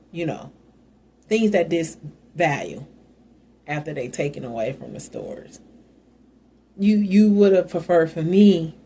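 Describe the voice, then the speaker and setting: A woman's voice: low-pitched, mellow, slight background noise. A woman hosting a casual Bible commentary, talking conversationally and adding side notes. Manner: conversational, musing, with asides. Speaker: host.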